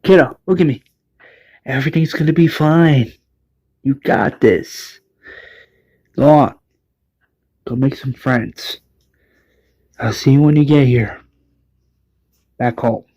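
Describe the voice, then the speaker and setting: A man voicing a gentle father who softly reassures his nervous daughter. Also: medium pitch, slow pace, pauses often, husky, no room sound. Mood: reassuring. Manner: soft, reassuring.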